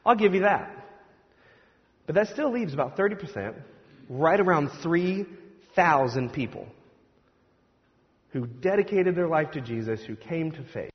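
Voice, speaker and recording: Pastor, male, slightly high voice, chatty sermon, dull recording with a long hall reverb. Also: animated, unhurried, pauses often. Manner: conversational, joking, acts out crowd voices. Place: church sanctuary.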